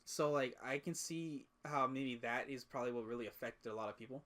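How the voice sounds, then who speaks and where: A man's voice: mid-range voice, a bit bright. A young man co-hosting a podcast, chatting casually, swearing and filling his talk with "like". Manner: rapid, swears casually, many fillers. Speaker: podcast co-host. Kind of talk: casual chat.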